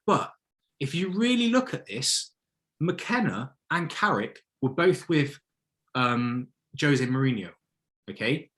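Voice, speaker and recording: A man in a casual football chat, talking with blunt, animated conviction. He sits at a middling pitch and often slips into mock quotes of other people. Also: moderate pace. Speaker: podcast co-host, football fan.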